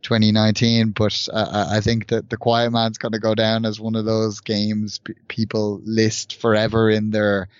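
A man's voice: on the low side, completely flat delivery, moderate pace, few pauses, clear, resonant tone, no room sound, lo-fi sound. A man co-hosting a casual gaming podcast, rambling with many restarts. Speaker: podcast co-host.

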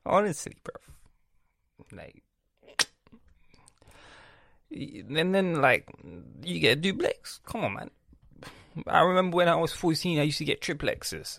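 A man's voice: on the high side, expressive, measured pace, gravelly, pauses often, fairly bright tone, no room sound. A 20-year-old man talks in a rambling, profane vlog style. He uses lots of slang and restarts, and his breath is audible on a close mic. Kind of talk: casual rambling vlog chat.

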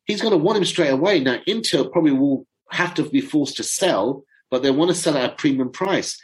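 Middle-aged guy rambling about football to his viewers, excitable, keeps tripping over names. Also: on the high side, a little fast, poor audio. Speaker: football fan commentator. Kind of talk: casual chat to viewers.

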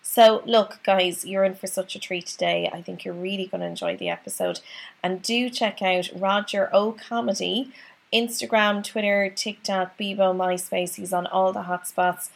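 Irish woman host, husky and gravelly, rambling and bubbly, self-mocking. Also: mid-range voice, normal speed. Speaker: podcast host. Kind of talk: chatty podcast intro.

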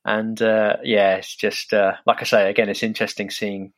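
A man's voice: on the low side, flat delivery, normal speed. A man from England with an English accent, a podcast guest chatting casually and hesitantly, with many fillers and restarts. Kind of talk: casual interview chat.

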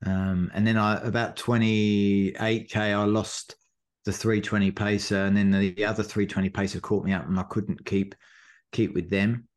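A man on a podcast, chatting casually and telling an animated race story full of acted-out quotes. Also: on the low side, normal speed. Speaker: podcast co-host, marathon runner. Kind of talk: casual chat recounting a race.

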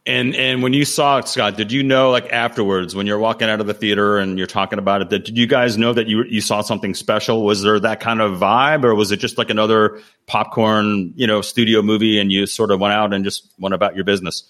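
A man's voice: on the low side, steady tone, a little fast, hardly any pauses, fairly bright tone. A man hosting a casual podcast, asking guests leading questions in a friendly, conversational way. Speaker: podcast host. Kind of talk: casual interview chat.

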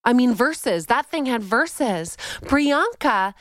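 Bubbly smooth-voiced Canadian woman host. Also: fairly high pitch, slow pace, dry recording, clean studio sound. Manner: animated, playful, theatrical. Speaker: podcast host. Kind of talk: casual podcast chat.

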